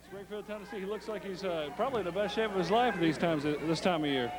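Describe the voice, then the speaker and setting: A man's voice: sits high, quick pace, a crowd in the background. A man giving folksy, hesitant color commentary on a wrestling match.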